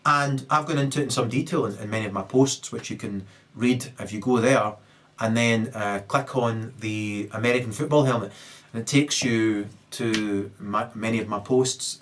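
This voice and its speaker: A man delivering a profane, emphatic ranting monologue, halting often and restarting his sentences. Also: mid-range voice, a bit bright. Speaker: comedic commentator.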